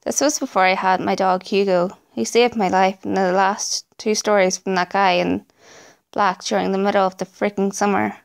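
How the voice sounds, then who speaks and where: Female narrator, gravelly edge, dramatic read of true creepy tales. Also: mid-range voice. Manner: dramatic storytelling. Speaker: narrator reading stories. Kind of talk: scripted narration.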